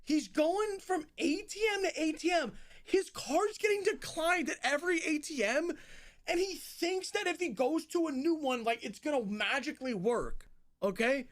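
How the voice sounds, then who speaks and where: High-voiced young man telling a wild story. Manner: animated, swears a lot, jumps between fast narration and loud outbursts. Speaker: streamer. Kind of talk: casual storytelling to a live stream audience.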